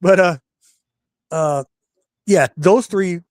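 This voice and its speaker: An older man with a fairly high voice spins backstage stories in a relaxed, chatty way. He slips into the voices of the people he quotes and swears freely. His voice is recorded close and dry, with no room sound. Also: drawn-out words, no echo. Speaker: retired pro wrestler, guest. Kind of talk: casual storytelling interview.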